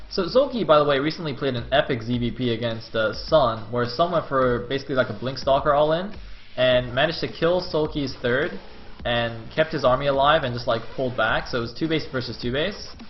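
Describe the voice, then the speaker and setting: A man's voice: mid-range voice, expressive, normal speed. Young guy rambling through solo game commentary, kinda dull lo-fi stream audio, faint music behind. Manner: chatty, rambling asides with fillers. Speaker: game caster.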